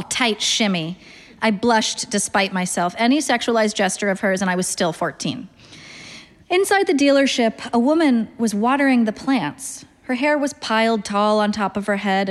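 A woman in her thirties reading a literary short story aloud in a dry, deadpan, wry manner. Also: medium pitch, in a large hall. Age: 30s. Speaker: narrator.

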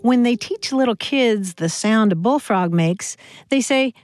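A woman's voice: fairly high pitch, lively intonation, unhurried, darkish tone, dry recording. A woman co-hosting a radio show on language, talking in a conversational way. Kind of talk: radio talk. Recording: dry studio mic.

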